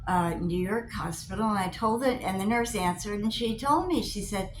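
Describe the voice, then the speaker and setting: An older woman chatting to camera as a vlogger, telling stories in an animated way and acting out both sides of her phone calls. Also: medium pitch, moderate pace. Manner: animated storyteller, acts out both sides of calls, gets loud when riled. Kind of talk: casual chat to camera. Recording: echoey room with faint hiss.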